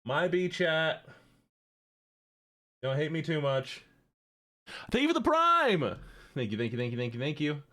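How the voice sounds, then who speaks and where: A man streaming a game live, excitable and chatty, thanking viewers as he plays. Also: a little high, unhurried, pauses often.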